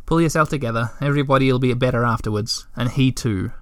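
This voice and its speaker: A man's voice: mid-range voice, quick pace, clear, resonant tone, dry recording, clean studio sound, natural voice. A man reading the lines of a practical, no-nonsense female creature in a storybook, in a blunt, matter-of-fact manner.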